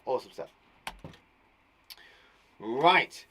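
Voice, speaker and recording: A man's voice: medium pitch, big pitch swings, moderate pace, a bit bright. An English man teaching a video lesson to young children, his voice swinging up and down as he talks. He cheers the pupils on, asks a question and then asks it again, and keeps the pace friendly and encouraging. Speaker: primary school teacher.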